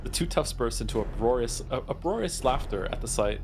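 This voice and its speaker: A man streaming, reading a visual novel aloud with animated narration and quick asides. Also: medium pitch. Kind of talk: reading game text aloud. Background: game music.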